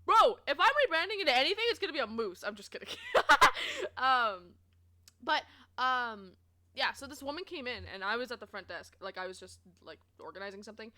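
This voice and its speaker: A young woman streamer from Canada, casually telling stories to her chat, expressive and swearing freely. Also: a little high, fast talker. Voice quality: expressive, swears, laughs often.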